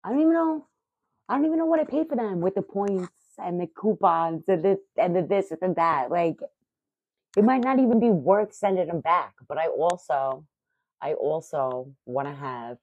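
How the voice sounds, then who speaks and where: A middle-aged woman vlogging in casual chat, excitable, profane and rambling. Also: on the low side, husky, no echo.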